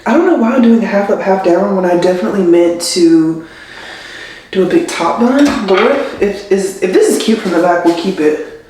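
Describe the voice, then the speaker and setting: A young woman vlogs at home in a strongly echoing room. Her middle-pitched voice confides and rambles through a casual catch-up, full of "like" and open about her feelings. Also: animated, normal speed, darkish tone. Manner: rambling and chatty, heavy use of "like"; confiding and emotional. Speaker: nurse. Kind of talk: casual vlog chat. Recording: very echoey room.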